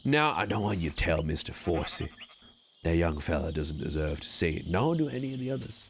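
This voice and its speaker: A man voicing a smooth-talking male cowboy conman with a put-on Old West drawl, folksy and theatrical. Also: deep voice, very animated, a little fast, a little hiss or hum, exaggerated voice. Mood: sly. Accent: American Old West drawl, put on. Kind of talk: in-character game streaming.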